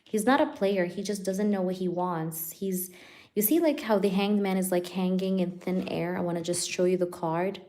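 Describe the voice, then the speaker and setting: A woman with a slightly low voice runs a casual live tarot reading. She chats loosely with her viewers, laughing often and filling her speech with "like" and "you know." When she asks the spirits for cards, her voice drops softer. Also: moderate pace. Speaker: tarot reader hosting a live stream.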